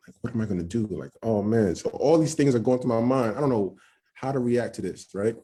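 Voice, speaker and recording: A young man telling a personal story on a podcast, excited and nervous, acting out what others said and checking in with "right?". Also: mid-range voice, moderate pace, husky. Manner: excited, acts out quoted voices, frequent "right?". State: nervous, shaking. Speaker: podcast guest. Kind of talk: storytelling testimony.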